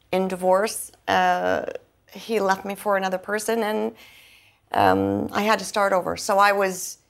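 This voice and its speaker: A woman's voice: medium pitch, fairly bright tone. A middle-aged singer-songwriter being interviewed, talking earnestly and at length, with many fillers and restarts as she explains. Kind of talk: candid conversational interview.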